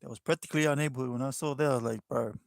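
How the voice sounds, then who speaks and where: A man's voice: mid-range voice, fairly even intonation, very fast, vocal fry, no room sound. A man with a New Zealand accent chatting casually while he draws, laid-back and talkative, calling his listeners bro. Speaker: livestreaming artist. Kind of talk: casual chat while drawing.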